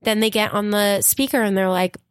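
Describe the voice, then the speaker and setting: Podcast guest, woman, mid pitch, chatty storyteller, dry close sound. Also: brisk, no echo. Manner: animated, acts out quotes, laughs often. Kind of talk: casual storytelling chat.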